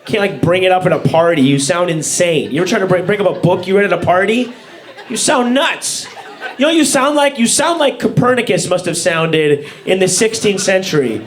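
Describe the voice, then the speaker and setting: This comedian's voice is high-pitched with lively intonation, and he moves briskly through a ranting stand-up routine full of sarcasm, disbelief and profanity. It's recorded live, the audience laughing loudly throughout.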